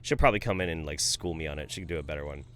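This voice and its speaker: A man in his thirties hosting a live stream, reading viewer donations in a relaxed, profane, jokey way. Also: rumbling low, rapid-fire, soft background music. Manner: laid-back, swears freely, laughs often. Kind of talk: casual live-stream commentary.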